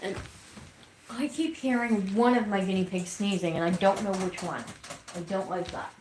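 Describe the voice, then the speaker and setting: A woman's voice: medium pitch, steady tone, normal speed, a little mellow, echoey room, a little hiss or hum, poor audio. A woman hosting a casual livestream, chatting with viewers and talking to her pets. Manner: chatty, reads viewer comments aloud, talks to her pets. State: has the hiccups. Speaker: livestream host.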